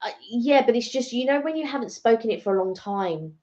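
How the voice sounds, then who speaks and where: A woman co-hosting a casual live-stream chat, telling stories in an animated, rambling way with lots of restarts. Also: on the high side, brisk, dull audio, crowd noise. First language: French-based Creole from family, also speaks French. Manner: chatty, animated storytelling with restarts. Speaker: channel co-host. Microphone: home live-stream microphone.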